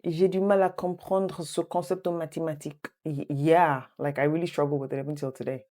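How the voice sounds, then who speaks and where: Woman tutor, low mellow voice; slow repeated phrases with chatty asides. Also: steady tone. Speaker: French teacher. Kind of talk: online language lesson.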